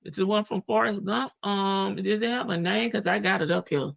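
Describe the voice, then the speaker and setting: A woman's voice: medium pitch, moderate pace, vocal fry, dull audio. A woman with a country Southern drawl hosting a casual livestream, chatting, laughing and reading viewer comments. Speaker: livestream reaction host.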